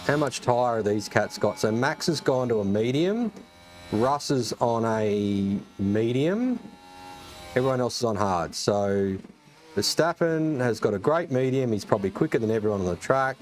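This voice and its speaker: A man with an Australian accent commentating casually as he plays a racing game, excitable, swearing often and calling everyone mate. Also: medium pitch, moderate pace, slight background noise. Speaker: gaming streamer. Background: game music and engine sounds.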